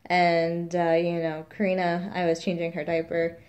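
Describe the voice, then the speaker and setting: A woman's voice: fairly low pitch, monotone, moderate pace, darkish tone. A woman, a new mother, chatting casually in a rambling vlog, quoting the people around her.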